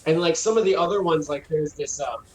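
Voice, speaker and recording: Rambling young game master, roomy sound. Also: male voice, a little high, a little fast, a little hiss or hum. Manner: rambling, full of "like" and fillers. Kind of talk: narrating a tabletop game. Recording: roomy sound with faint music.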